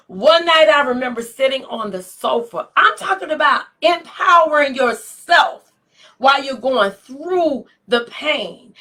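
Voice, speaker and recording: Older woman, high bright voice, faith-based motivational talk to camera, emotional and exclamatory. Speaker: inspirational speaker.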